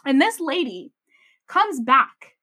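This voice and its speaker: A young woman co-hosting a podcast, telling a story in a casual, animated way with lots of "like" and laughter. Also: sits high, takes it slowly. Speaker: podcast co-host.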